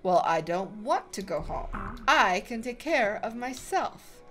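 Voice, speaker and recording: A woman's voice: medium pitch, sing-song, measured pace, fairly bright tone, soft background music. Woman doing a sulky runaway toad boy. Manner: sulky, stubborn. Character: sulky young toad son, stubborn runaway.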